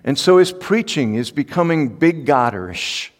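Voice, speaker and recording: Pastor guy giving a sermon, goes soft then gets loud and fired up, big echoey hall sound. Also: a little high, sing-song, normal speed. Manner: swings from soft asides to loud impassioned peaks. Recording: echoey hall with long reverb.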